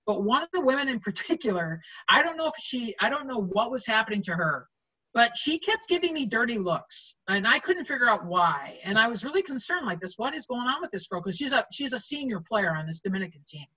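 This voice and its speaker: A woman's voice: a little high, big pitch swings, fairly quick, pushed and bright, slightly rough, low-quality recording. A middle-aged woman, a volleyball referee, chatting animatedly in an interview and acting out quoted lines as she tells stories. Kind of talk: storytelling in an interview.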